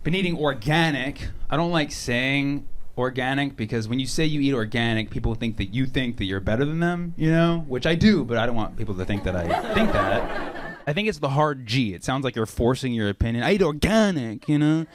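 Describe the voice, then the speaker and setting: A man doing a stand-up comedy set on stage, animated and slipping into mock voices. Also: mid-range voice, fairly quick. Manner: animated, switches into mock voices for family and shoppers. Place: comedy club stage before a laughing audience. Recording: loud crowd noise behind a stage mic.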